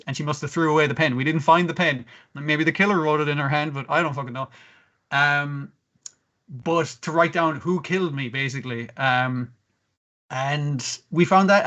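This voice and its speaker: Bright-voiced man recapping casually. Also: on the high side. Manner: profane storyteller who acts out quoted characters. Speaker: podcast co-host. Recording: slightly muffled lo-fi audio.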